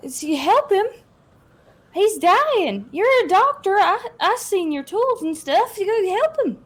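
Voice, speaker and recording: A man voicing a frantic townswoman in a put-on Southern American accent, in a shrill falsetto. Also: sing-song, unhurried, fairly bright tone, full character voice. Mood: frantic, pleading.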